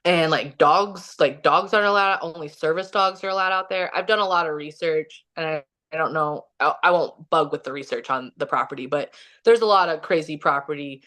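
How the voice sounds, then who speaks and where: A young adult or middle-aged woman from Kansas City, Missouri, USA, who has a son, tells a personal story as a podcast guest. Her low, slightly bright voice moves fairly quickly, and she's chatty, saying "like" constantly and acting out quotes.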